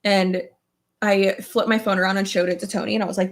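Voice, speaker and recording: A woman's voice: mid-range voice, flat delivery, quick pace. A young woman vlogging casually while doing her makeup, rambling with lots of "like" and fillers, swearing offhand and getting emotional. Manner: emotional, tearful at times, laughs often. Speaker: beauty vlogger.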